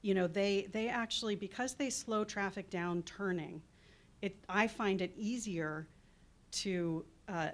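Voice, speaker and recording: A woman's voice: mid-range voice, unhurried. A woman making a chatty, self-deprecating public comment at a town meeting, citing traffic counts and crash data.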